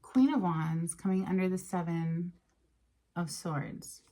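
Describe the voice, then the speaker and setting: Woman doing a chatty tarot reading, low gravelly voice, kinda emotional, goes breathy and whispery sometimes. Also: slow, noisy background. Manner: chatty and emotional, with frequent fillers and soft laughs. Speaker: tarot reader. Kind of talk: casual tarot card reading.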